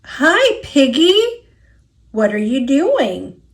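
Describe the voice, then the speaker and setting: A woman with an American accent voicing a gentle, careful male elephant in a picture book read-aloud. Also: very animated, extremely slow, exaggerated voice. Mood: friendly. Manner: low, soft and hesitant.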